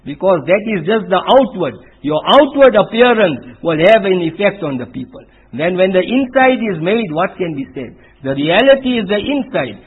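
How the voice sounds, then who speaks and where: A man with a high, husky voice gives a storytelling religious talk, his English peppered with Urdu religious terms. The recording is thin and tinny, like a phone line. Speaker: speaker at a spiritual retreat.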